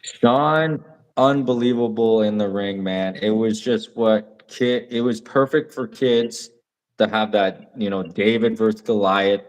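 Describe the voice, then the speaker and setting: This young podcast co-host talks enthusiastically in a loose, casual chat, stuffing his speech with fillers. His lowish voice moves at an unhurried pace.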